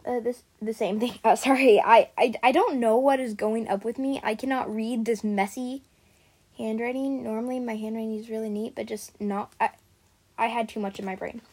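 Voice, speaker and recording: A woman's voice: a little high, steady tone, normal speed, a little mellow, husky. A woman hosting her podcast, chatting casually and reading her fan fiction aloud, scattered with stumbles. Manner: chatty, scattered, many fillers and restarts.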